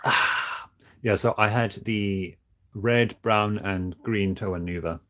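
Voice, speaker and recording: Man, low voice, monotone, halting, casual livestream chat. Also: a little hiss or hum. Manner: flat, monotone, halting with many restarts. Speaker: streamer building toys.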